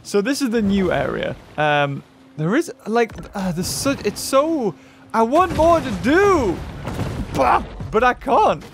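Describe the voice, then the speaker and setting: A young man excitedly commentating his gameplay, often exclaiming and laughing. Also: very high-pitched, takes it slowly, gravelly, a little hiss or hum. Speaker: gaming YouTuber. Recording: game music behind voice.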